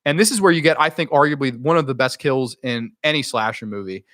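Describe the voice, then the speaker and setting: A man giving a casual, excitable review of a horror film, with profanity and rambling asides. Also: mid-range voice, quick pace, no echo, clean studio sound.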